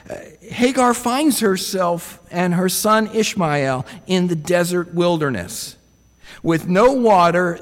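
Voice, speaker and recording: A man's voice: high voice, long reverb tail. A man preaching a sermon in a reflective way, often putting rhetorical questions to his listeners.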